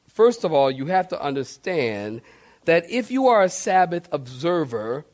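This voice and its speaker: A man preaching a sermon as pastor in a church, animated and talking straight to the congregation, sometimes acting out shouts. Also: fairly high pitch.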